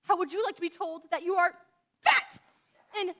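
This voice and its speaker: Passionate orphan girl, very high and bright-voiced, dramatic, played by a woman on stage. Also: moderate pace. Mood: furious. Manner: impassioned, dramatic. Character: fiery, talkative red-haired orphan girl. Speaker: stage actor in a youth musical. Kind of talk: live stage musical acting.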